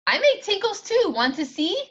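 A woman reading aloud puts on a cheeky toddler girl from a storybook, squealing high and swooping all over. The bright, sharp little voice comes through a dull, lo-fi recording. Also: sing-song, normal speed, full character voice. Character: little girl, three years old, cheeky.

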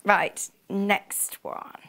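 Speaking extremely slowly in a slightly bright voice, a woman shows off fabric on a live shopping channel in a TV studio. She is gushing and talkative, punctuating her pitch with gasps and laughs.

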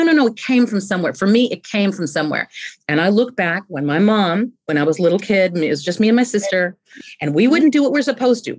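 A woman in her fifties, a guest on a podcast, talking about leadership in an animated way and often restarting with repeated words. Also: fairly high pitch. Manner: animated, acts out quoted voices, repeats words when starting a thought. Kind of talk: conversational interview.

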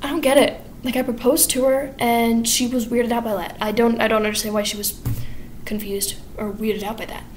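A woman's voice: fairly high pitch, little pitch movement, a little fast, slight background noise, lightly acted. A woman voicing a pompous, corrupt male judge who talks in an indignant way.

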